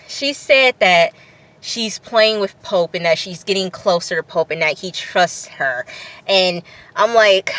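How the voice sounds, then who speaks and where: A woman talking through a TV episode in an unscripted casual recap, expressive and repetitive, laughing at times. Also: medium pitch. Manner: expressive, repeats phrases, breaks into laughs. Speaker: TV review vlogger.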